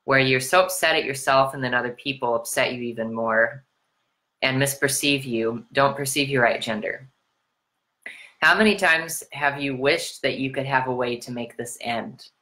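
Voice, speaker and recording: An American woman with a strikingly low voice delivers a motivational self-love sermon. Her tone is bright and forceful. She stacks rhetorical questions, swears casually, and swings her pitch widely. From United States. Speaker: spiritual self-love coach.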